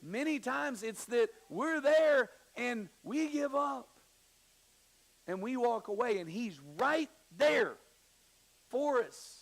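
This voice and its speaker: A middle-aged man preaching from a church pulpit, his voice sitting high for a man and carrying a gravelly edge. He swings from hushed scripture reading to emphatic declarations and acts out little stories with quoted voices. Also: expressive, slow pace, rough recording. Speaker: pastor. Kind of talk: sermon. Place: church sanctuary.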